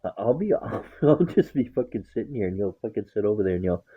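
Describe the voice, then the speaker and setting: Male, low husky voice, casual profane storyteller, phone-quality sound. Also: expressive, quick pace. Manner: rambling, swears a lot, acts out talk to his dog.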